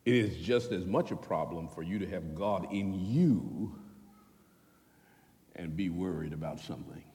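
A man preaching a sermon in a folksy, animated way, swinging between loud bursts and hushed asides. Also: low-pitched, measured pace. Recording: long hall reverb.

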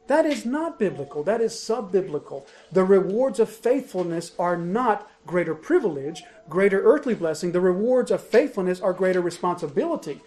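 Emphatic preacher man, higher voice. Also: lively intonation, normal speed, darkish tone. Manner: emphatic, repeats key points. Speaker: pastor. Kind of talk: expository sermon.

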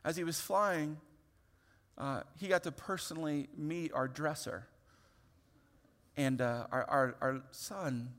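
A man in his thirties preaching a sermon, telling a personal story in a lively, open way with many restarts. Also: a little high, takes it slowly, pauses often. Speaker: pastor. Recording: long hall reverb.

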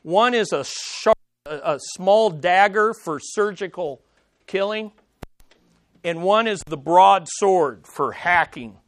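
Male pastor, sermon, high voice, slow deliberate delivery, loud then hushed emphasis. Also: no room sound, studio quality. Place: church sanctuary with congregation.

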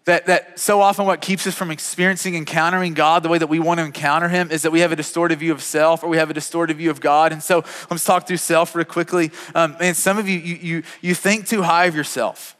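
A man's voice: a little high, flat delivery, a little fast, few pauses, a bit bright, long reverb tail. A man in his thirties preaching a sermon as a pastor, earnest and often repeating words as he talks.

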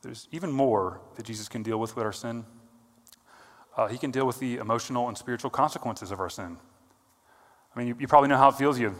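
Man preaching in a reverberant hall. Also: medium pitch. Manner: earnest, builds to emphatic peaks then drops quiet. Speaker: pastor. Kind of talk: sermon.

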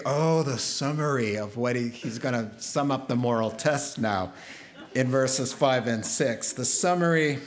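A man preaching a sermon to his church in a lively, humorous, conversational way, getting fired up as he goes. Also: medium pitch. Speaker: pastor.

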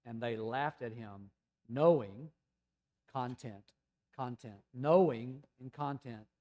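A middle-aged man with a Southern American accent preaching a sermon in a conversational way, reading quotes aloud and swinging between loud emphasis and hushed asides. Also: mid-range voice. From Tennessee, USA. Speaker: pastor.

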